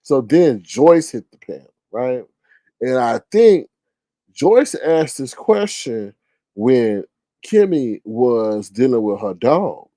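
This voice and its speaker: A man's voice: mid-range voice, takes it slowly, dry recording. Brief: male commentator, casual and slangy, hammers points by repetition, close dry sound. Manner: animated, slangy, repeats phrases for emphasis.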